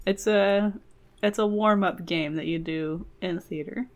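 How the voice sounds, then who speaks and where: A woman's voice: lowish voice, a little slow. A woman hosting a comedy podcast who retells a fairy tale in a casual, playful, digressive way. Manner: playful, digressive, laughs often.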